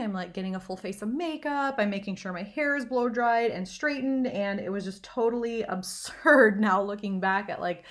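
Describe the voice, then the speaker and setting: A woman's voice: mid-range voice, a bit bright. A woman from the American Midwest, in her thirties, hosting a solo podcast and talking candidly with casual swearing and self-deprecating humor. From Northwest Iowa, USA. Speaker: podcast host and confidence coach.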